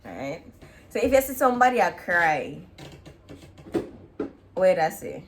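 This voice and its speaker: A woman with a Jamaican accent hosting a casual video chat, relaxed and laughing often as she slips into patois. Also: on the low side, unhurried, a little hiss or hum. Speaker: vlog host. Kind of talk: casual chat comparing dialects.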